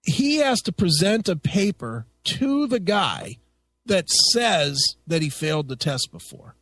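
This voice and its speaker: A man hosting a radio talk show, telling a story in a casual, profane and animated way. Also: high-pitched, unhurried. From United States. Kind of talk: casual chat.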